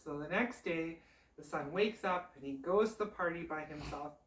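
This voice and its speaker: A woman tells a fairy tale in a casual, chatty way, full of lively asides. Her voice sits fairly low for a woman. The room is echoey and she is some distance from the mic. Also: normal speed. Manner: chatty, animated, conversational asides. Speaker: storyteller. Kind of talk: casual oral storytelling.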